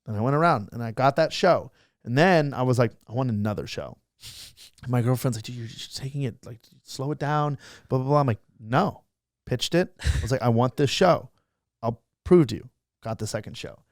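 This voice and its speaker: A young man, a social media creator, telling a story as a guest in a casual interview, animated and acting out other people's lines. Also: mid-range voice, dry recording, clean studio sound. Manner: fast, animated storytelling, acts out quotes.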